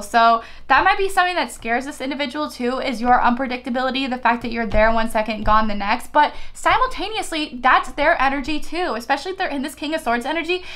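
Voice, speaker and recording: A woman's voice: high-pitched, fairly bright tone. A young woman giving a casual tarot reading, chatty and giggly, swearing freely as she talks. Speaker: tarot reader.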